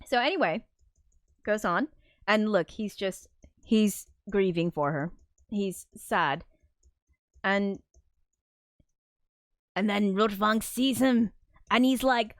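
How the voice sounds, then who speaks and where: A woman's voice: medium pitch, slow pace, pauses often, no echo, clean studio sound. Rambling woman streamer, casual swearing. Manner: rambling with many fillers, swears freely. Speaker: streamer hosting film commentary. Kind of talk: casual chat.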